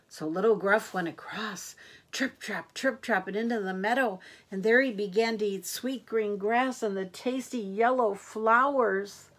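Slow expressive grandmother reading stories. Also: medium pitch. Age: older. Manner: slow and expressive, hushing at the end. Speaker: storyteller. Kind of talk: reading children's picture books aloud.

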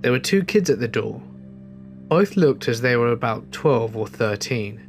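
A man narrates a first-person horror tale at a mid pitch, keeping a measured, tense delivery. Faint music plays under his voice throughout. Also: animated. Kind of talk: scripted horror story narration.

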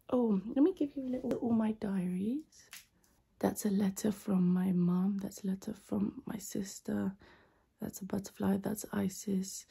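A woman doing a chaotic whispered role-play, out of breath, repeating quick instructions close to the mic. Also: medium pitch, vocal fry, mellow, breathy edge. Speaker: ASMR creator.

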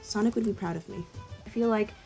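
A young woman giving casual, joking commentary while playing a video game, sarcastic and quick to laugh and cry out. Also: medium pitch, gravelly, loud music behind the voice. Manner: playful, sarcastic, laughs often, loud outbursts. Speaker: gamer.

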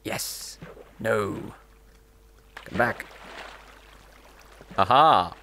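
Slow, gravelly man narrating gameplay. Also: on the low side, animated, sharp tone, a little hiss or hum. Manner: playful, chatting to himself. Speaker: gaming video host. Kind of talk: relaxed gameplay commentary.

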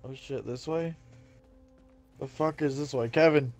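A young man chatting casually while co-playing a video game, excitable, loud and quick to swear. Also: mid-range voice, soft background music. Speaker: gamer co-playing. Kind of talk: casual gameplay chat.

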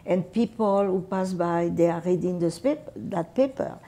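A woman in her eighties with a French and Catalan accent, a native Catalan speaker, recalling her wartime childhood for an interviewer in unhurried, halting English. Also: fairly low pitch, warm tone. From France. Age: 80s. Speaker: veteran oral history interviewee. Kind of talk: personal war memories told to an interviewer.

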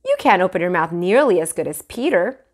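A kindly dentist who teases and coaxes a stubborn little boy, as a woman reading aloud puts him on. His lines bounce with lively pitch, gentle and playful. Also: fairly quick. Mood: coaxing. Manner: coaxing, teasing.

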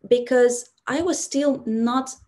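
A woman's voice: on the high side, slow, a little mellow. Russian-accented woman telling a story. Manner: earnest, reflective storytelling with frequent "so" and "like". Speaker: public speaking coach. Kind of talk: storytelling presentation.

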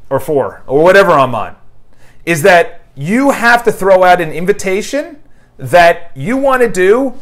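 A man with a high, light voice delivers an emphatic, motivational book review. He talks casually to the camera and hammers his points home by repeating them and firing off lists of questions. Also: a bit bright. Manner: quotes an author's dialogue in paraphrase. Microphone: new microphone, home video.

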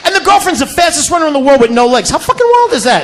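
A male stand-up comedian doing a crude, profane club routine on stage, yelling his punchlines into a handheld mic. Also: very high-pitched, sing-song, rapid-fire, a loud crowd, heavy background noise.

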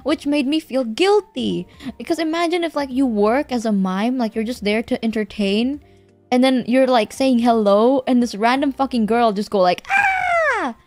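A young woman streamer from Indonesia with a fairly high voice rambles through a casual story, packing it with fillers and cheerful swearing. Her close, dry mic sits over faint background music. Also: normal speed, dry recording. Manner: animated, laughs through her words.

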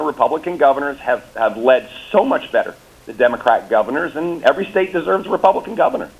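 A man's voice: medium pitch, lively intonation, quick pace. Confident male politician on a lo-fi line. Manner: confident, repetitive restarts, rally-style talking points. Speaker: governor, guest. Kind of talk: political interview by phone or remote.

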